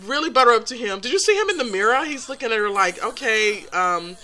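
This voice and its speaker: A woman hosting a let's play of a life-simulation game narrates its story in a fairly high, bright, forceful voice that races along with big pitch swings. Her casual commentary is gossipy and giggly, heavy on fillers.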